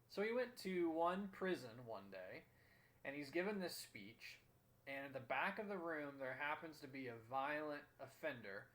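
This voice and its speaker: A young man hosting a motivational talk, telling a story in an earnest, emphatic way. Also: on the high side. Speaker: host.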